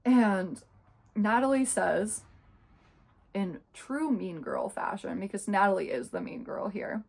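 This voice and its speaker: A woman's voice: mid-range voice, lively intonation, slow pace, vocal fry. A young woman in her twenties, chatting casually and sarcastically while reviewing a book. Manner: chatty, sarcastic, many fillers. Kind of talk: casual chat.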